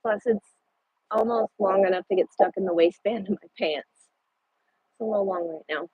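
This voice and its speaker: Husky-voiced woman trucker chatting. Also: mid-range voice, moderate pace, no echo. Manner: chatty, swears casually. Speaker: truck driver. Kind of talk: casual live-stream chat with viewers. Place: parked truck cab at a rest area. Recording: dull lo-fi sound.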